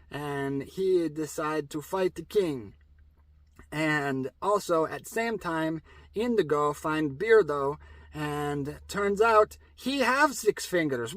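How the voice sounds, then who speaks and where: A high-voiced man tells a story in a rambling comic persona with broken English. His delivery is playful and loose. The sound is dry and close. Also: a bit bright, no echo.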